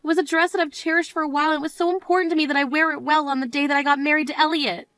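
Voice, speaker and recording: A woman's voice: high-pitched, fairly even intonation, very fast, fairly bright tone, no echo. A woman voicing a young bride in an amateur voice drama, speaking in a firm, self-assured manner. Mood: upset. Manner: indignant, then cool and firm.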